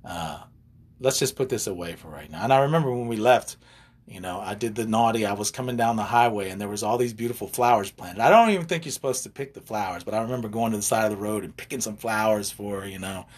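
Here the older relationship coach speaks quickly with a lowish voice, lively as he rambles through casual stories. Side stories and jokes keep creeping into his chat.

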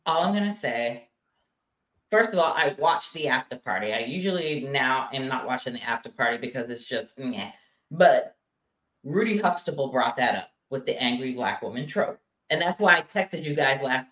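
A woman's voice: extremely low pitch, normal speed, fairly bright tone, reverberant, low-quality recording. A woman co-hosting a casual reality TV recap, talking expressively, reading from her notes and quoting what people said. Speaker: podcast co-host.

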